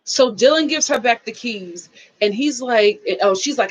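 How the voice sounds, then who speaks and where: Animated woman reviewing reality TV. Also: a little high, a little slow, husky, dull audio. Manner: animated, emphatic, acts out scenes. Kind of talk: casual review chat.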